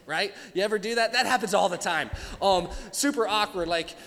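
High-voiced young man preaching in a hall. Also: expressive, moderate pace, fairly bright tone. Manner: casual storytelling with playful voiced asides. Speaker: pastor. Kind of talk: sermon.

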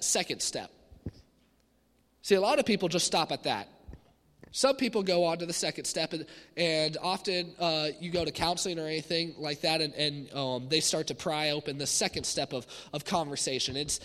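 A man with a high, bright and forceful voice preaches with lively energy and acts out the voices of people he quotes. His words carry the long echo of a large hall. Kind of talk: sermon. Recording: echoey hall.

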